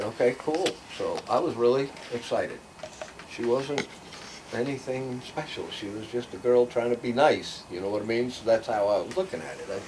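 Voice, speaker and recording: A man's voice: mid-range voice, normal speed. Older man telling stories from afar. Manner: acts out voices in his stories, drops to a near whisper for asides. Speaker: storyteller guest. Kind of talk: rambling casual storytelling. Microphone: far from the mic. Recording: distant mic, audible background noise.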